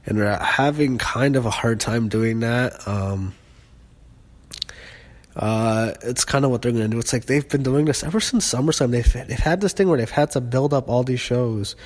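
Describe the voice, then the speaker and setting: A man's voice: mid-range voice, normal speed. A young man casually reviewing a wrestling show, rambling with many fillers and restarts and swearing in frustration.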